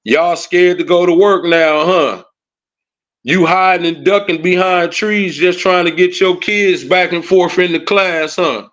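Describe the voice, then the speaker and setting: A man's voice: high voice, unhurried, fairly bright tone, muffled recording. Heated man ranting on a livestream. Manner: heated, taunting, repeats "you know what I'm saying" and "huh". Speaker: livestream commentator. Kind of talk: casual livestream rant.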